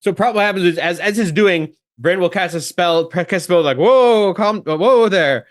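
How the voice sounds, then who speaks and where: A player in a tabletop game, asking questions and reacting with lively confusion. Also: mid-range voice, quick pace. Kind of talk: casual tabletop play.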